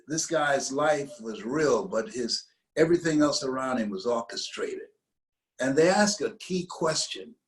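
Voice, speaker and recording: An older man from the United States, an interview guest telling a motivational story, slowing down to stress key phrases. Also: medium pitch, poor audio.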